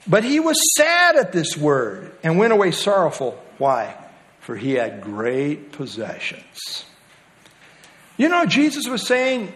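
Brief: male pastor preaching, high voice with wide swings, emphatic and explanatory. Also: measured pace. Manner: animated, emphatic expository preaching. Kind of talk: sermon.

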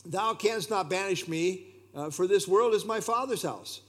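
A man reading the part of an old church father who answers an emperor's threats with calm, unshakable defiance. The delivery is slow and firm, with archaic phrasing and a slightly raised voice. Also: sits high, in a large hall, voice pushed up. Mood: defiant.

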